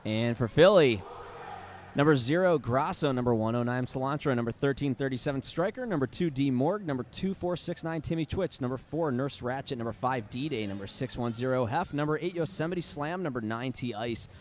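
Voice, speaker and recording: A man's voice: mid-range voice, fairly quick, hardly any pauses, darkish tone, slight background noise. An American man commentating a roller derby game live, giving play-by-play with jokey, punny asides. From United States.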